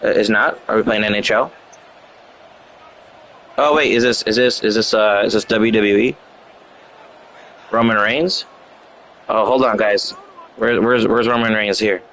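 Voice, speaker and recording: A man's voice: fairly low pitch, fairly even intonation, unhurried, long pauses, slight background noise, rough recording. A man trash-talking an online opponent during a live game, mocking and sarcastic, repeating his jabs over and over. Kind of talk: live gameplay chat. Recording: live stream with loud game crowd.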